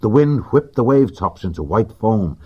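Male audiobook narrator, lowish husky voice, steady vivid read, lo-fi. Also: moderate pace. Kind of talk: scripted storybook narration. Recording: dull lo-fi recording.

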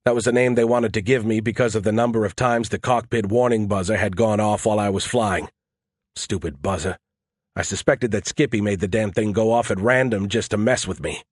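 Low-voiced man narrating an audiobook. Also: steady tone, fairly quick, no echo, studio quality. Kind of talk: first-person audiobook narration.

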